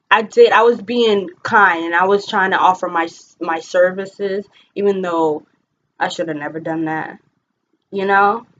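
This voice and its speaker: A young woman talking casually to the camera, telling a story in a lively way, full of fillers like "like" and "you know," and acting out what others said. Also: mid-range voice, muffled recording, slight background noise. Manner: animated, frequent fillers, voices others in quotes. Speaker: vlogger.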